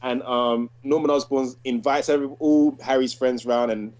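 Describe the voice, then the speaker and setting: A man's voice: medium pitch, moderate pace. A man, co-hosting a casual chat and acting out quoted lines as he talks. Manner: animated, acts out quoted lines from a cartoon. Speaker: podcast co-host.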